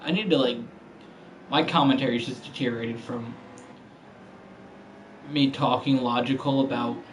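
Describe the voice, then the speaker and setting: A man's voice: medium pitch, fairly even intonation, normal speed, a little hiss or hum, poor audio. A man streaming a racing game, talking casually with heavy slang and profane trash talk. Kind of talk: casual gaming commentary.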